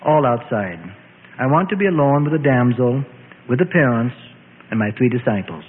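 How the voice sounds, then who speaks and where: Man doing a calm, commanding teacher. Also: medium pitch, moderate pace, a little hiss or hum, lightly acted. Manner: solemn scriptural commands. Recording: tinny, echoey lo-fi radio audio.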